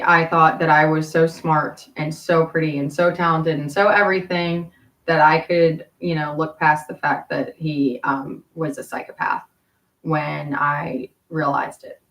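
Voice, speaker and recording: A woman's voice: deep voice, flat delivery, moderate pace, fairly bright tone. A woman from Kentucky, telling rambling stories in a courtroom, full of profanity and self-interruptions. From Appalachian Kentucky. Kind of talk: rambling storytelling. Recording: roomy, from far off.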